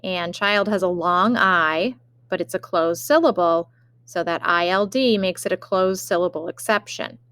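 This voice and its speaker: A woman teacher giving a remote spelling lesson, dictating words slowly and carefully with example sentences. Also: fairly low pitch, fairly bright tone, no room sound.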